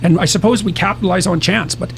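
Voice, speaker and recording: A man's voice: sits high, quick pace, creaky, slight background noise. A man talking as a podcast guest, lecturing with emphasis and arguing his points. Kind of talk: podcast conversation.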